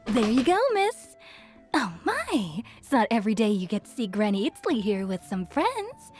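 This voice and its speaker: A woman's voice: fairly high pitch, very animated, normal speed, soft background music. An actress voicing a friendly, chatty young female tavern keeper who talks politely and likes to gossip. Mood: friendly, gossipy. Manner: polite, gossipy, warm to customers.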